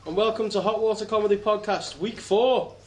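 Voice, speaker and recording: A man's voice: high-pitched, fairly even intonation, brisk, recorded from a distance. A man co-hosting a comedy podcast, teasing his guest in a jokey, casual way. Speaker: podcast co-host. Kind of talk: casual chat.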